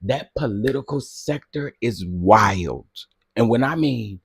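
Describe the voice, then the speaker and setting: Animated laughing livestream host, husky voice. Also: male voice, medium pitch, takes it slowly, no room sound, clean studio sound. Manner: animated, laughs often, addresses chat directly. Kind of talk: casual livestream chat with viewers.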